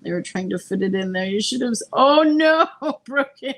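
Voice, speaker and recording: A woman's voice: fairly high pitch, lively intonation, normal speed. A woman chatting as a guest on a gossip livestream, exclaiming and laughing in disbelief. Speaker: panel guest. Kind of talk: casual gossip chat.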